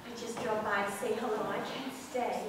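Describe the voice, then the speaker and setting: A woman's voice: medium pitch, steady tone, normal speed, noisy background, close to an everyday voice. An amateur actress playing a nervous, flustered married mother who stammers, in a live stage play recorded from far off in a hall. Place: theatre stage.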